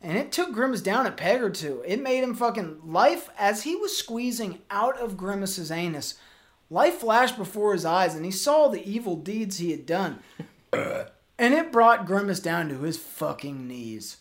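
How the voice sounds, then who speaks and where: A man's voice: high voice, big pitch swings, a little slow. A man co-hosting a comedy podcast, improvising a rambling, profane, escalating absurd story. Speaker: podcast co-host.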